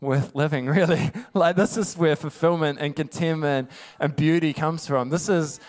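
A man's voice: on the high side, fairly even intonation, normal speed. A man preaching a casual, conversational sermon, laughing often and tossing in rhetorical asides.

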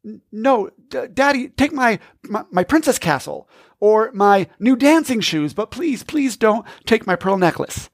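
A man's voice: high voice, expressive, a little slow, dry recording, clean studio sound, voice pushed up, full character voice. A man voicing a pleading four-year-old girl who stammers, in a storytelling podcast.

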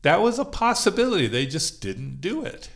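A man's voice: high voice, very animated, normal speed, creaky. A man leading a Bible study, talking it through informally with frequent fillers and light laughs. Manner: conversational, many fillers and laughs. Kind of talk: informal teaching on a call.

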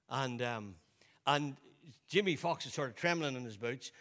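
A man's voice: animated, normal speed, fairly bright tone, in a large hall. A man preaching a sermon in a loose, conversational way, often repeating and restarting his words. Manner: conversational, repeats himself, drops to a low voice for quotes. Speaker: pastor.

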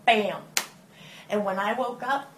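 A woman giving a lively personal testimony at church, telling her story with acted-out quotes. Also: medium pitch, very slow. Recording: echoey room with faint noise.

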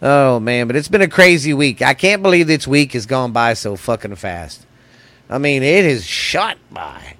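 Speaking at a moderate pace in a mid-range, expressive voice with a fairly bright tone, this podcast host rambles through a casual, rowdy, profane show. He's congested from sinus trouble and keeps addressing listeners as "baby." He's recorded on a close studio mic with no echo.

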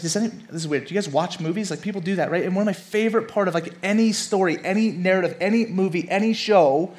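High-voiced man preaching casually. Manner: conversational, repeats words, asks listeners. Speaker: pastor. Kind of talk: casual sermon.

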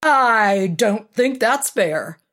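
A woman reading aloud voices a big middle-aged character actor, blunt and matter-of-fact, with crude jokes. Her delivery is slow and animated. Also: fairly high pitch, pitched above the performer's own voice, heavily acted.

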